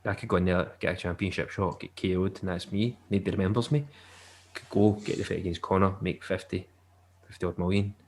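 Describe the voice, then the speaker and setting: A man's voice: low voice, fairly even intonation, fast talker. A man co-hosting a podcast, rambling and joking in casual chat. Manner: rambling and jokey, laughs often. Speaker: podcast co-host.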